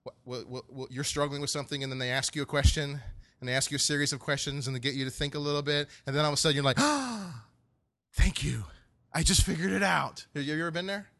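A man preaching a sermon in an animated way, often acting out quotes in playful voices. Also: mid-range voice, very fast. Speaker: pastor.

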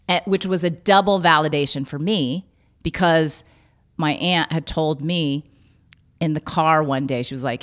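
A woman telling a personal story in a candid, halting way, with many restarts. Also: low-pitched.

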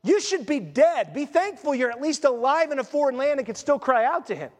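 Male preacher, very high-pitched, chatty and needling, sermon recorded in an echoing sanctuary. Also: brisk. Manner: animated, conversational, sarcastic rhetorical questions. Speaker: pastor. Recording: long reverb of a church hall.

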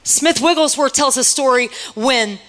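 A woman's voice: sits high, a little slow, fairly bright tone. A woman preaching a sermon to a congregation, teasing them with playful asides and quizzing the room. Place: church hall with congregation.

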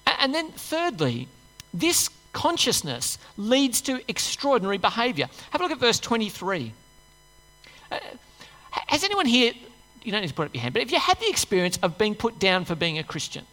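A woman's voice: medium pitch, fairly bright tone. A woman preacher giving a sermon in a church. She reads scripture and talks to the congregation in a conversational way, asking them rhetorical questions. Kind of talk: sermon with Bible reading. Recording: long church-hall reverb.

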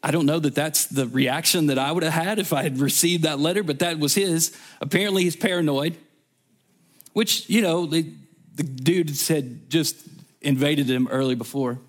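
A man's voice: on the high side, normal speed. A man preaching a sermon as a guest speaker, in a casual, chatty way with offhand asides. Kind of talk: conversational sermon.

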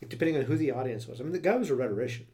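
A man's voice: mid-range voice, expressive, rapid-fire, warm tone. A man co-hosting a podcast in casual chat, talking in loose starts and stops and laughing easily. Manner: chatty, many restarts and fillers, laughs easily. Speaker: podcast co-host.

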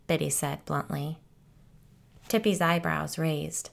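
A woman podcast host narrating a first-person story in a steady, conversational storytelling way. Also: low-pitched, slow pace, creaky.

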